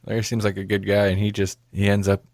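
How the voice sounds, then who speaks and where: Low-voiced man rambling on a podcast. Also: monotone, fast talker, darkish tone, no echo, clean studio sound. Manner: rambling, laughs often. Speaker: podcast co-host. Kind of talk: casual movie review chat.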